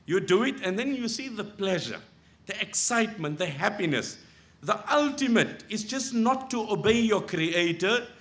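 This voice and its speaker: Male preacher with a high voice, hushed storytelling that builds into loud pleading; sermon delivery. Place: Islamic center.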